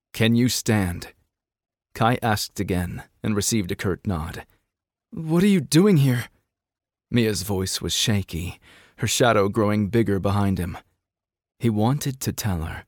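A man narrating a novel with measured, dramatic storytelling. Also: lowish voice, dry recording, clean studio sound. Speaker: audiobook narrator. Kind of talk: scripted narration.

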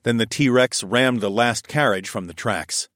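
A man's voice: measured pace, no echo, studio quality. Man narrating a first-person adventure audiobook. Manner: steady storytelling, voicing his own lines louder and higher.

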